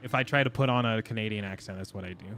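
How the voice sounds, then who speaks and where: A man's voice: fairly low pitch, very fast, fairly bright tone, faint music behind. Rambling, chatty male game streamer. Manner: rambling, chatty, laughs often; talks to chat while playing. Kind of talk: casual live gameplay chat.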